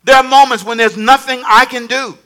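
A man's voice: extremely high pitch, a little fast. A man preaching a sermon as pastor, telling funny stories and calling for the congregation to answer back. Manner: animated, humorous storytelling with call-and-response.

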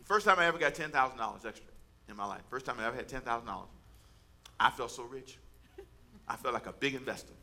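A man's voice: mid-range voice, animated, quick pace, sharp tone. A man preaching a sermon as pastor, talking in a conversational way with asides to the congregation.

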